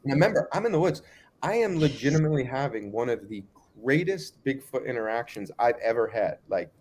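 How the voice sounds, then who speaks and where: A man spins a story as an interview guest, his pitch swinging widely up and down. He talks in a casual, animated way and slips into voices for the people in his tale. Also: a little fast, a little hiss or hum. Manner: animated, acts out other people's lines. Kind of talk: casual anecdote telling.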